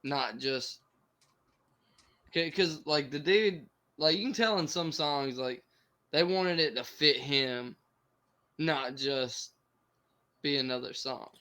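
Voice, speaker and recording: A man's voice: a little high, slow, sharp tone. A young man chatting casually on a podcast call, agreeable and slangy. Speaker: podcast co-host.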